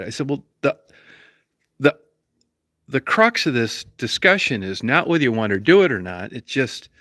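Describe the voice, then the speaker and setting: A man's voice: mid-range voice, a bit bright, no room sound, clean studio sound. A man hosting a livestream, telling a story as a profane, rambling, argumentative rant full of constant swearing. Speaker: livestream host.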